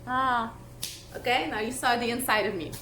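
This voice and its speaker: A woman's voice: fairly high pitch, fairly even intonation, normal speed, pushed and bright. Passionate young woman in an echoey room. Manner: passionate, emphatic, lots of "like". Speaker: vlogger. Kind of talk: casual talk to camera. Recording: echoey room, faint noise.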